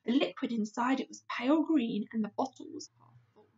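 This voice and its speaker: A woman teacher reading a children's book aloud, slow and expressive. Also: fairly high pitch, husky, lo-fi sound. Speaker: primary school teacher.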